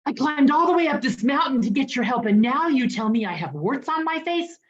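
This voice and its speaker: Woman putting on a shrill, touchy king. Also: animated, fairly quick. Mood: furious. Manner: shrill and high when angry. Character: proud, touchy king ashamed of his warts. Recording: dull lo-fi recording.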